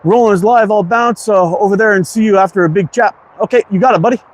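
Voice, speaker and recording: A man's voice: high-pitched, quick pace. A man in his fifties with a Quebec English accent, hosting a casual livestream chat, reading comments aloud and often repeating his words. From Quebec, Canada. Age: 50s. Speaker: livestream host.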